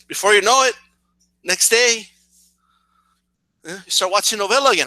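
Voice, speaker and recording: Lively high-voiced young man ranting. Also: normal speed, long pauses, dry recording. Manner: animated, swearing, stammering repeats, acts out shouts. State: slight cough. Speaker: boxing channel vlogger. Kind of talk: comic rant to camera.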